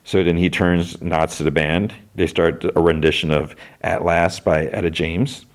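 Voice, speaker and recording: Male podcast host, low voice, loose filler-heavy episode recap. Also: fairly even intonation, unhurried.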